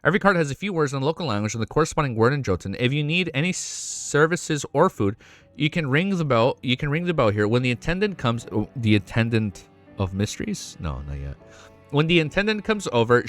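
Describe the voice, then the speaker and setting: A man reads a story aloud and keeps stopping to react, his voice swinging widely in pitch as he gets excited. He swears casually and loudly in his excited outbursts. Soft music plays faintly behind him. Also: fast talker. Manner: swears a lot, excitable outbursts between read passages. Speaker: webnovel reaction streamer.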